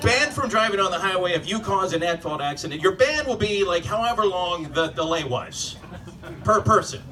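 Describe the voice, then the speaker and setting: A man doing stand-up in a live club, his sardonic, profane rant heard from some way off the mic. His voice sits a little high for a man, and room noise stays clearly audible under his jokes. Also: expressive, normal speed, sharp tone, far from the mic. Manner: sardonic, profane ranting with rhetorical questions to the crowd. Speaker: stand-up comedian. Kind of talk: stand-up comedy set. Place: live comedy club stage.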